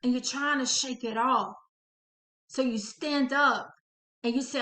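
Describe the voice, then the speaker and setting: A woman narrates a guided visualization very slowly and dramatically, speaking to the listener as "you". Her voice is bright and fairly high. The sound is echoey, as if in a reverberant room. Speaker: inspirational channel host.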